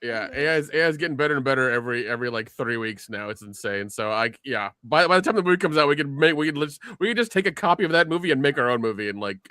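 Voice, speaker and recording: A man co-hosting a pop culture chat, his voice bright and full of swings in pitch. He talks excitedly and often repeats phrases while building up to a point. The sound is close and dry. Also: very fast, few pauses, clean tone, no echo. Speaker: podcast co-host.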